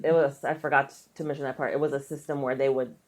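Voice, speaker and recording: A woman's voice: extremely low pitch, flat delivery, quick pace, reverberant. A woman co-hosting a podcast, casually retelling a story with lots of fillers and swearing. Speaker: podcast co-host. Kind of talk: casual chat.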